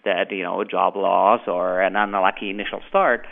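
A man's voice: low-pitched, fairly even intonation, gravelly. German-accented man on a tinny phone line. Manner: measured, explanatory, with restarts. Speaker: economics professor. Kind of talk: interview over the phone.

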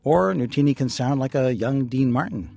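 A man's voice: medium pitch, expressive, normal speed, creaky. A man hosting a radio interview, asking curious, friendly questions and laughing easily.

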